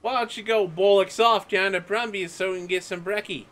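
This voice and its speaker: A man doing a cheery mock-Australian bloke, pitched up, a bit loud. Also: steady tone, brisk. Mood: cheeky. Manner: cheery, exaggerated slang.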